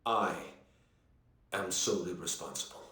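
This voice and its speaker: A stiff, robotic corporate boss. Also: male voice, sits low, a little slow, echoey room, heavily acted. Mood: stiff, formal. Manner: flat robotic delivery. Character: male company CEO at a press conference, stiff.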